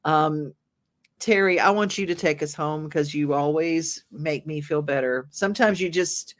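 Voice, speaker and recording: A woman's voice: sits low, measured pace. Affirming woman talk-show host. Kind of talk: talk-show chat, reading viewer comments.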